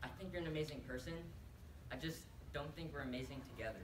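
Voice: mid-range voice, quick pace, natural voice. A performer voicing an awkward, nervous young man in a competitive humorous interpretation, stammering and fretting. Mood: sad. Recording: roomy, distant, noisy tournament room.

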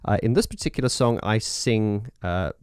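A man's voice: on the low side, lively intonation, moderate pace, darkish tone, clean tone, dry recording, studio quality. A man with an early morning voice, a keyboard player walking through his setup in a casual, enthusiastic, rambling way. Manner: enthusiastic, rambling, many fillers. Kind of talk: casual demo talk.

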